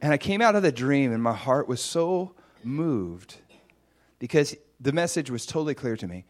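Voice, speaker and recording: A male preacher retelling a story in his sermon. He is lively and animated, and he talks in a casual way with filler words. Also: mid-range voice, normal speed.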